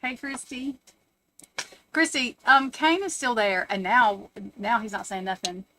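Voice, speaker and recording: A woman's voice: a little high, steady tone, measured pace, bright, forceful tone, a little hiss or hum. A woman hosting a casual live stream from home, chatting, swearing freely, laughing often and answering her chat.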